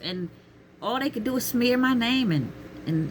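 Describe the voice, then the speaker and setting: A middle-aged woman talking casually to camera with emphatic, expressive delivery, calling listeners honey and child and calling out to God. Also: mid-range voice, normal speed, slight background noise. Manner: peppers talk with exclamations to God. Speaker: vlogger giving relationship advice.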